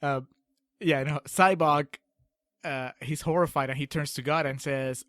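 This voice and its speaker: A man's voice: fairly high pitch, fairly even intonation, unhurried, fairly bright tone, no room sound, studio quality. A man co-hosting a podcast, chatting casually about a film and laughing often. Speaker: podcast co-host.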